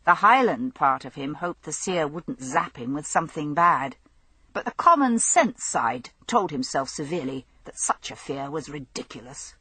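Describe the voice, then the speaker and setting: A woman reading a mystery novel aloud as an audiobook narrator, in a measured, even manner. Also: deep voice, breathy edge, no echo.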